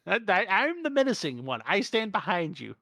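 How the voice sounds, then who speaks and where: A man's voice: high-pitched, sing-song, moderate pace, vocal fry, sharp tone, no echo, studio quality. A man playing in a tabletop game, crude and swearing a lot. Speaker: player. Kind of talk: casual tabletop role-play.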